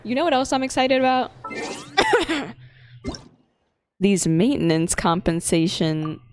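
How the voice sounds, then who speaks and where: A woman's voice: medium pitch, takes it slowly, faint music behind. A woman streamer giving casual, giggly gameplay commentary, playful and teasing.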